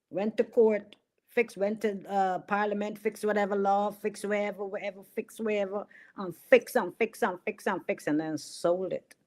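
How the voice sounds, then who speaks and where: A woman's voice: mid-range voice, fairly even intonation, unhurried, darkish tone. A middle-aged woman hosting a political commentary livestream, sarcastic and mocking, hammering points home with repetition. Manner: sarcastic, mocking, laughs at her own jokes; emphatic repetition.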